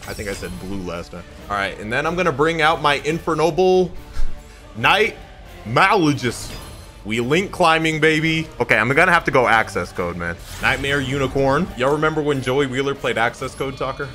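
A young man giving chatty, excitable, jokey commentary as he plays a card game. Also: mid-range voice. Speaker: YouTuber playing a card game. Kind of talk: live gameplay commentary. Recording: faint music behind.

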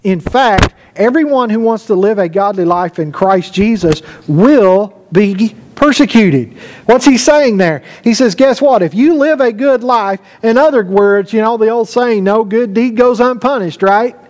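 A man's voice: high-pitched, measured pace, a little mellow, rough recording. A man, a pastor, preaching a conversational sermon, telling anecdotes with quoted dialogue and reading scripture aloud. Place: church sanctuary.

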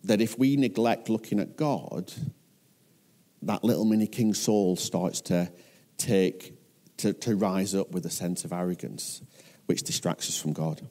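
Mellow northern English pastor preaching. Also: male voice, sits low, a little slow. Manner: earnest, questioning the listeners. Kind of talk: sermon.

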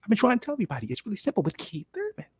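A man's voice: sits high, huge pitch swings, rapid-fire, slightly rough, no echo, studio quality, voice pushed up, heavily acted. A man imitating a cocky boxer who brushes off the talk and demands his contract. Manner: blunt, challenging.

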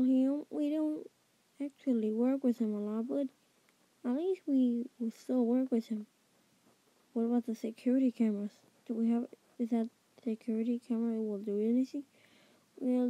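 Brief: a woman with a high, soft, dark voice, improvising halting lines for every character in a homemade stop-motion film. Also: slightly rough, no echo, poor audio. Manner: halting and improvised, with many restarts. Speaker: maker voicing all characters.

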